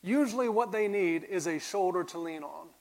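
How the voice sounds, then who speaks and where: A man's voice: high voice, normal speed, low-quality recording. A man giving a sermon as pastor, earnest and building to emphatic peaks. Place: church sanctuary. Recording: clear music underneath. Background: soft guitar music.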